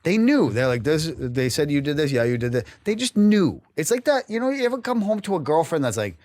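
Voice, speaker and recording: A man's voice: fairly high pitch, very animated, a little fast, a little mellow, no echo, studio quality. A man from New England, a guest on a podcast, telling his story candidly and emotionally, swearing freely and often breaking off and restarting.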